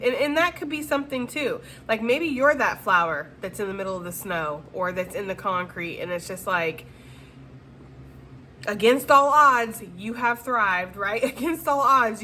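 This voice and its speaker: A woman reads tarot cards for her viewers in a loose, chatty way, sprinkling slang and reassurances between the cards. Her voice is bright and forward, with a faint hiss of room noise behind it. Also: medium pitch. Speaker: tarot reader. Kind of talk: casual tarot reading monologue.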